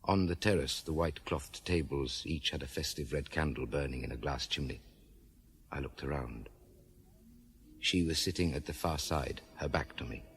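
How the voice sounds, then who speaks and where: A wry, deep-voiced police inspector. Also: male voice, normal speed, fairly bright tone, slight background noise. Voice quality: understated, dry wit. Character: wry male police inspector, dry-humoured. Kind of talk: radio drama acting.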